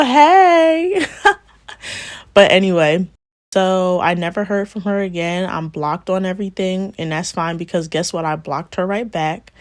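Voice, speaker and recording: A young woman in her twenties chatting straight to her viewers in a relaxed storytime vlog. Her voice sits a little low for a woman, and her delivery is animated and easy, with frequent laughs. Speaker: beauty vlogger.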